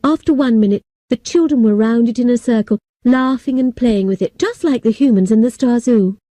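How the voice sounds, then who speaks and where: Dark-voiced woman reading an audiobook. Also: a little high, brisk, no room sound. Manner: clear and steady, for language learners. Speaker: audiobook narrator. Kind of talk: scripted narration.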